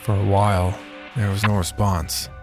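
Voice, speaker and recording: A man narrating a first-person horror story in a measured, steady voice. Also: on the low side, music in the background.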